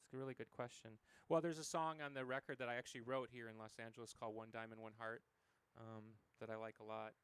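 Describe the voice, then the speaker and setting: A man's voice: medium pitch, level tone, fast, few pauses, a bit bright, clean tone, dry recording. A man in his forties from the United States, a musician telling stories as an interview guest, rambling with many fillers and acted quotes. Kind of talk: casual interview conversation.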